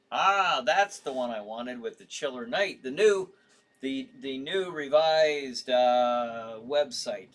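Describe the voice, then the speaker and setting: Tired, rambling livestream host, bright voice. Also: male voice, mid-range voice, very animated. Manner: rambling, halting, with frequent restarts and yawns. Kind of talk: casual live-stream chat reading viewer comments.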